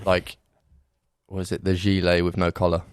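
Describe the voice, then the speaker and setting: A man co-hosting a podcast, hesitant when giving opinions and laughing loudly at the jokes. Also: sits low, monotone, normal speed, clear, resonant tone, no echo, clean studio sound. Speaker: podcast co-host. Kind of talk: casual banter.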